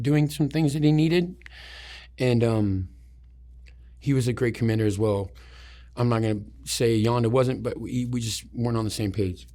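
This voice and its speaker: A man, an army veteran, telling war stories in an interview in a rambling way, swearing often and restarting his sentences. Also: mid-range voice. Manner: profane, rambling, many restarts. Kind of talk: casual storytelling.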